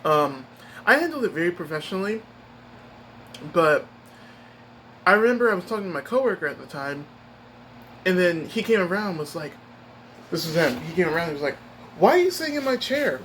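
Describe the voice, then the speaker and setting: A man's voice: on the high side, expressive, fairly quick, long pauses, a bit bright, a little hiss or hum, poor audio. A young adult man telling a personal story to his viewers in a casual, emphatic, rambling way, full of fillers and asides. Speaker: streamer giving a life update.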